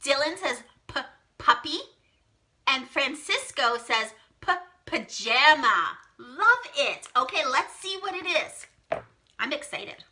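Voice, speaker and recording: Her voice very bright and ranging widely in pitch, a young female teacher hosts a live online lesson built around a phonics game. She reads each child's guess aloud and praises it warmly, speaking slowly and clearly and letting out excited gasps.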